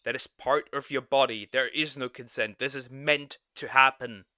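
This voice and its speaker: Young male streamer, very bright tone, dry close sound, exasperated and profane. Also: mid-range voice, fairly even intonation, moderate pace, no echo. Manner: loud, exasperated, swearing rant. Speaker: streamer reacting to a clip. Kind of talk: reaction commentary.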